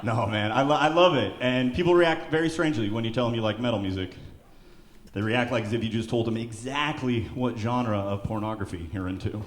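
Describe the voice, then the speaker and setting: A man performing a stand-up comedy set on a club stage who breaks into loud, shouted character voices. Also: mid-range voice, a little fast. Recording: echoey club with loud crowd. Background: audience laughter.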